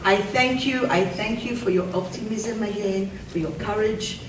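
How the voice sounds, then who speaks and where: A woman teacher giving an award speech at a school ceremony, telling a story with halting restarts. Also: medium pitch. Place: school hall. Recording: echoey room, distant from mic, faint noise.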